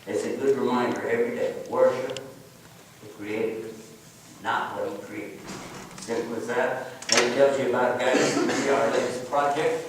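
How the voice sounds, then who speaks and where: A man's voice: mid-range voice, far from the mic, noisy background. Folksy man preaching in an echoey hall. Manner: folksy, joking, lively storyteller. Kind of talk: storytelling talk to an audience. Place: lecture hall.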